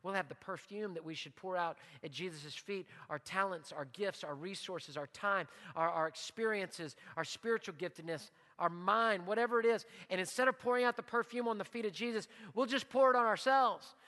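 Emphatic preaching pastor in a reverberant hall. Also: male voice, moderate pace, hardly any pauses. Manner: emphatic preaching, drops to a hushed low voice for prayer; leads call-and-response repetition. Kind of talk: sermon.

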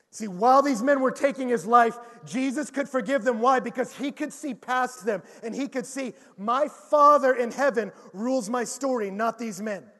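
A man preaching a sermon in a church, telling lively stories with jokes and acted-out quotes. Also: sits high, long reverb tail.

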